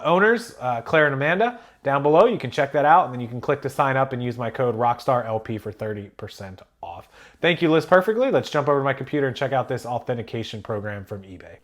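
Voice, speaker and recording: A man hosting a reselling vlog who reads a news story aloud and breaks off into casual asides. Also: mid-range voice. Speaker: reselling channel host.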